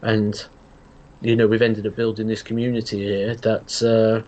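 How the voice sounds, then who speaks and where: A man's voice: on the low side, little pitch movement, normal speed, a little mellow, highs cut off. A man hosting a casual live watch-along stream, chatting easily and thanking viewers for their donations. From England. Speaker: host.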